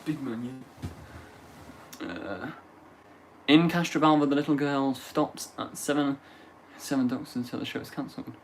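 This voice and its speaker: A young man hosting a casual chat stream, talking fast and excitedly and bursting into loud shouted lines. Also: mid-range voice, noisy background. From England. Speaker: livestream host.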